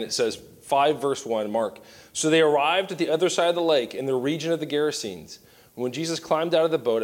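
A man in his thirties, a youth pastor, preaching a sermon with animated, joking asides. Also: mid-range voice.

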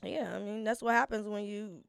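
A young woman, co-hosting a casual chat show, telling stories loudly with acted-out quotes and lots of laughter. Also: medium pitch, steady tone, normal speed, creaky. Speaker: podcast co-host.

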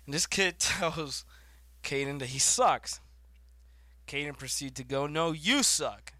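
A man's voice: mid-range voice, measured pace, no echo. Laughing man telling wrestling stories. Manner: laughs often, acts out quotes in animated voices. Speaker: co-host, pro wrestler. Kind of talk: casual chat, storytelling.

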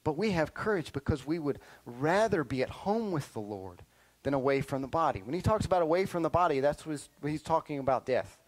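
A middle-aged male pastor preaching a sermon to young listeners, animated and checking in often with "right?" and "okay?". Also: on the high side, fairly quick, rough recording. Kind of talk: sermon to children and youth.

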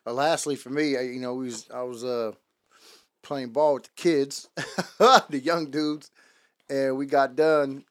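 Relaxed man telling a story. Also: medium pitch, unhurried, clean tone. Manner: relaxed storyteller, acts out quoted voices, laughs often. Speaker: podcast co-host. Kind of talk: casual faith talk, storytelling.

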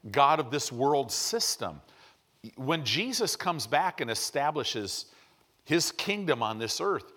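With a medium, slightly bright voice, a middle-aged male pastor gives a chatty sermon. He keeps checking in with the people listening, dropping frequent "right?" tags along the way.

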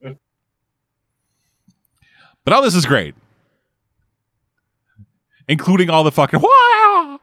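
Animated, swearing man in casual movie chat. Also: fairly high pitch, dry recording, studio quality. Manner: swearing, animated, quick asides. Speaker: co-host watching a movie.

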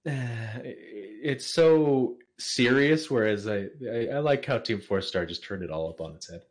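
A man with a lively, animated voice answers questions as a podcast guest. He hesitates with frequent fillers. He laughs often and drops dry jokes. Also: lowish voice, unhurried. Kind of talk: casual podcast chat.

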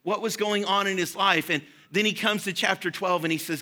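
A young man preaches in a high, bright voice. He speaks earnestly and encouragingly, and he acts out the prayers he quotes in his sermon. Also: a little fast. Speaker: pastor.

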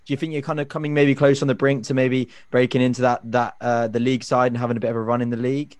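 A man's voice: mid-range voice, little pitch movement, fast talker, darkish tone, smooth, dry recording. A man co-hosting a podcast, asking a footballer questions conversationally. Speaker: podcast co-host. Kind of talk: interview questions.

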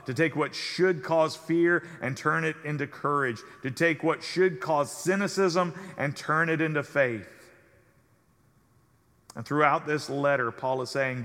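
Bright-voiced male pastor preaching a sermon. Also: on the high side, big-room sound. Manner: measured preaching cadence, drops soft at phrase ends.

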